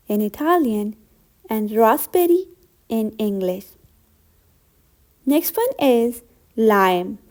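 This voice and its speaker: Young woman, language teacher, very slow drilling delivery, higher-pitched voice. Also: darkish tone. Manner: repeats each word slowly and deliberately. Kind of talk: slow vocabulary lesson.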